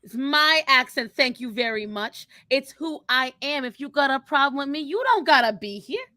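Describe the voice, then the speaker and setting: Woman doing a brash redhead character, thick accent, bright ringing voice, bold and teasing, dry close sound. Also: high-pitched, animated, normal speed, no echo. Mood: defiant. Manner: teasing, defiant, playful. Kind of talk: live character Q&A.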